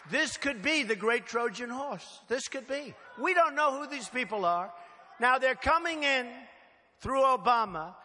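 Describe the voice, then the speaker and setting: A man's voice: sits high, pushed and bright. An older man giving a campaign rally speech, emphatic and repetitive, speaking in short punchy phrases from a podium microphone in a large hall. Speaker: political candidate speaking at a rally. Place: large hall, crowd present. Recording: long hall reverb with faint noise.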